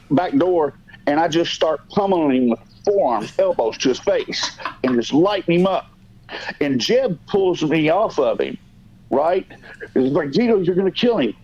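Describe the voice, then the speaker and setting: A man's voice: on the high side, darkish tone. A man hosting a podcast, telling a long story in a casual, profane, rambling way that stops and restarts. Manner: rambling, profane, self-interrupting. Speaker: podcast host. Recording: dull lo-fi audio.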